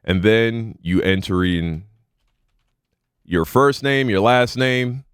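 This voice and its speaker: A male reaction video host talking casually, sardonic at times and earnest at others. His voice is very low. The recording is dry and close, with no room sound. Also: expressive, slow, clear, resonant tone, dry recording. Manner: sardonic, then earnest and pleading. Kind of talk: casual commentary.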